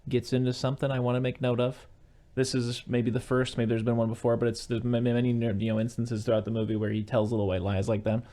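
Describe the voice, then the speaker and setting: A man co-hosting a podcast, chatting casually about movies and retelling scenes in an animated way. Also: mid-range voice, fast talker. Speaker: podcast co-host.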